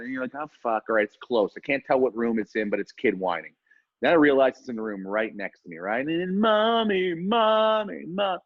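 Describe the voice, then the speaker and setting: A man co-hosting a podcast, telling a story in casual chat, animated and swearing, acting out the voices of the people in it. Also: medium pitch, dry recording. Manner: animated, swearing, acts out voices in his stories. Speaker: podcast co-host. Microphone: remote call mic. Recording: dull lo-fi internet call audio.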